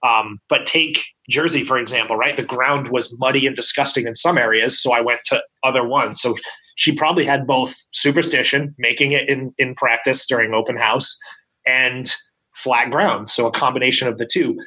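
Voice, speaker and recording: A man co-hosts a weekly podcast and argues his side in casual chat. His voice is bright and forceful, and he presses his points with steady emphasis. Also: mid-range voice, moderate pace, poor audio. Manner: emphatic, argumentative, keeps asking "right?". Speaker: podcast co-host.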